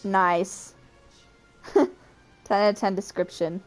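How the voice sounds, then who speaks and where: Woman, esports co-commentator, mid-pitched, giggly, chatty, casual. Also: level tone, slow, faint music behind.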